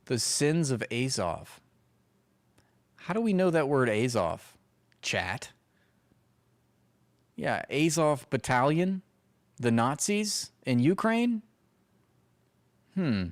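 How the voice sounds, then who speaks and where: A man's voice: medium pitch, big pitch swings, slow pace, pauses often. A man hosting a casual reaction stream, rambling and sarcastic, swearing freely as he talks over clips.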